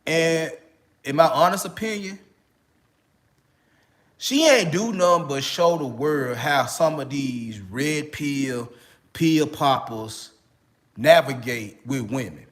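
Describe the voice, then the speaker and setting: A man's voice: a little high, takes it slowly, pauses often, a bit bright. A man with a Memphis accent talks straight to his viewers in casual, slang-heavy commentary. He is still getting over a cold, and he keeps leaning on the same filler phrases as he talks. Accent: Memphis, Tennessee. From Memphis, Tennessee. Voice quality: slangy, repeats "you know what I'm saying". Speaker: online relationship coach.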